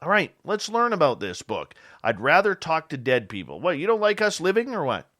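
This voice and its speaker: Animated, jokey male radio host. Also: fairly high pitch, a little fast, dry recording, clean studio sound. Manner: jokey, animated, self-deprecating. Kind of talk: casual interview chat.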